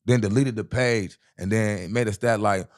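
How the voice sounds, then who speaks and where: A man's voice: lowish voice, normal speed. A young man from the US Midwest, a rapper guest in an interview, telling a rambling, profane street story and often asking "you know what I'm saying".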